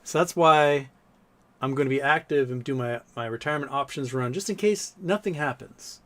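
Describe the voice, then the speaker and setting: A man's voice: mid-range voice, normal speed, a bit bright. A man hosting a casual livestream, reading chat messages aloud and telling long, rambling stories with plenty of swearing. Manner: rambling, profane, storytelling, reads chat aloud. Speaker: livestream host.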